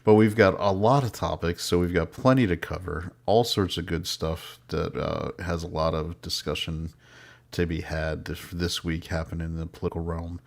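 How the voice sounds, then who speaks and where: A man co-hosting a casual podcast, chatty and quick to laugh. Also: low voice, fairly even intonation, vocal fry. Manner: laughs often, loose and chatty. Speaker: co-host.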